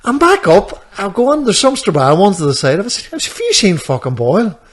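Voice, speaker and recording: A man's voice: high-pitched, wildly swooping pitch, normal speed. A man, co-hosting a podcast and telling a rambling story, acting out what people said. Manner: rambling storyteller, acts out quoted dialogue. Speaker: podcast co-host. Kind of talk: casual chat.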